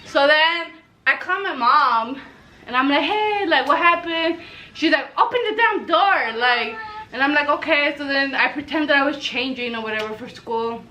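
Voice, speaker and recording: A young woman telling a funny personal story to camera in a casual, animated way, swearing freely and acting out what everyone said. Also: high-pitched, moderate pace, a little hiss or hum, low-quality recording. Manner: animated, swears freely, acts out quoted lines. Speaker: storytelling vlogger.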